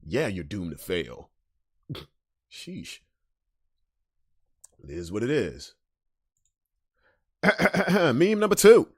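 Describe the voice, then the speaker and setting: A man hosting a casual solo podcast and reacting to memes. He talks bluntly and profanely, swinging between loud emphasis and low asides. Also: very animated, drawn-out words, long pauses, breathy edge, no room sound, studio quality. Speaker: podcast host.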